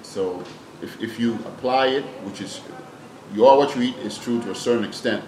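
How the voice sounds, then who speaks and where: A man's voice: medium pitch, normal speed, darkish tone. A man, a fitness trainer and nutrition coach, answering interview questions in a plain-spoken, emphatic way and often repeating words as he thinks. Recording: echoey room with background noise.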